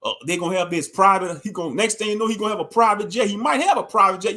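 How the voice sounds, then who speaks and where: A man's voice: sits high, very fast, few pauses, pushed and bright. A man in his thirties giving a profane, mocking, rambling commentary on a livestream. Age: 30s.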